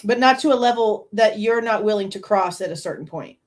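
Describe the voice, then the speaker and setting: A woman's voice: medium pitch, brisk. Casual true crime host lady, incredulous and chatty, laughs a lot. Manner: animated and incredulous, slangy, laughs often. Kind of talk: casual commentary.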